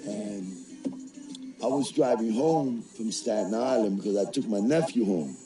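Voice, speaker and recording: A man's voice: lowish voice, a little slow. A middle-aged man telling a personal story for a documentary in a candid, profane and darkly humorous way. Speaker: interviewee. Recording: roomy, from a distance, faint music.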